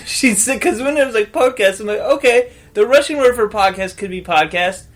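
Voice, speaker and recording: A man's voice: high-pitched, normal speed. A man co-hosting a comedy podcast, goofy and prone to giggling. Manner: giggly, goofy, laughs often. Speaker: podcast co-host. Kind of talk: casual comedic chat.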